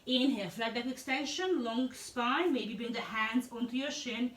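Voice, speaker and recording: Woman yoga teacher, higher voice, calm steady cueing, echoey room, mic set back. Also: normal speed, recorded from a distance. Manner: calm, encouraging cueing of breath and poses. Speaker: yoga and pilates instructor. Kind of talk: guided yoga class instruction.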